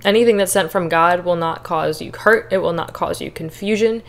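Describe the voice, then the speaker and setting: Speaking with vocal fry in a fairly low voice at a moderate pace, a young podcast host tells her faith testimony. She is candid and earnest, growing emotional and tearful, close to crying.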